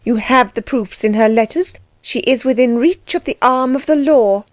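A woman's voice: fairly high pitch, normal speed, no echo, pitched above the performer's own voice, close to an everyday voice. A woman reading an audiobook, voicing a proud older baroness who speaks passionately and emphatically. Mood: indignant.

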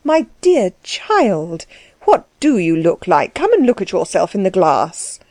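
Woman doing a kindly princess, teasing and gentle, mellow tone. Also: mid-range voice, very animated, unhurried, no room sound. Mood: fond. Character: gracious, fond older princess.

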